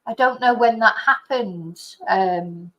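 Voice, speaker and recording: An indignant middle-aged woman talks straight to her channel's viewers, rambling and restarting as she goes. Her pitch sits in an ordinary middle range. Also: slow pace, highs cut off. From Britain. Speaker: channel host. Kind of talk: casual opinion monologue.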